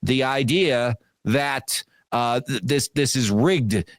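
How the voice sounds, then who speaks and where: A man's voice: mid-range voice, slow, dry recording. Man co-hosting a sports talk podcast. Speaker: podcast co-host. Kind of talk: casual sports chat.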